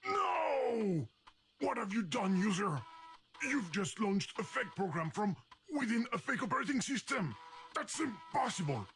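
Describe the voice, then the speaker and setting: An actor voicing an anxious, exasperated talking video game with a foreign accent, pleading and excitable. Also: male voice, sits high, a little slow, background noise, exaggerated voice. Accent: foreign-accented English. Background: game music.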